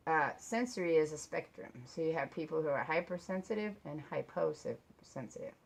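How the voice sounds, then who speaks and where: A woman's voice: low-pitched, expressive, moderate pace, creaky. A middle-aged woman chatting to camera in her own vlog, rambling and self-deprecating, laughing often as she talks. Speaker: vlogger. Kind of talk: casual chat to camera.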